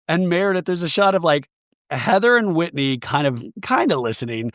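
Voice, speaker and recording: A man's voice: fairly high pitch, lively intonation, moderate pace, a bit bright, no room sound, clean studio sound. A man hosting a podcast, casually and gossipily recapping a reality show episode. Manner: chatty, gossipy, acting out every quote. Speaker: podcast host.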